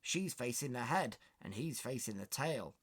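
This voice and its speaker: A man reading aloud, voicing excitable West Country maidservants who gossip from their windows. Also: moderate pace, slightly rough. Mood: excited. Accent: West Country (put on). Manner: high-pitched, eager, exclaiming.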